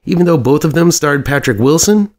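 A man doing a jokey impression of a male film producer excitedly pitching an idea. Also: fairly quick, close to an everyday voice. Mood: goofy excited.

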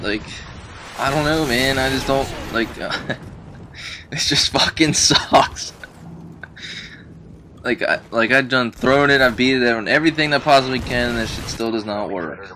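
A man's voice: mid-range voice, takes it slowly, long pauses, sharp tone, a little hiss or hum. A man giving casual gameplay commentary, venting his frustration in rambling, profane talk full of fillers. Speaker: gaming video uploader.

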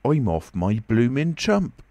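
A man's voice: mid-range voice, big pitch swings, a little slow, warm tone, no room sound, voice pushed up. A man voicing a frightened, blustering tramp who talks in coarse rustic speech, in a storybook reading. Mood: agitated.

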